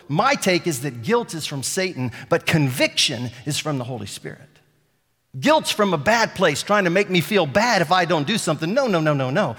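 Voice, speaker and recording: Man, pastor, high voice, animated sermon storytelling, long reverb of a big hall. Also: moderate pace, breathy edge. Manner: animated, acts out quotes with shifting volume.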